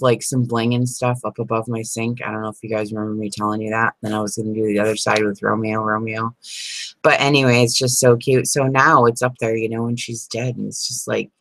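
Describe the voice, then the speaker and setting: A woman's voice: rumbling low, a bit bright, dry recording, poor audio. A middle-aged woman chatting casually on a crafting live stream, rambling and laughing often. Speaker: crafting vlogger.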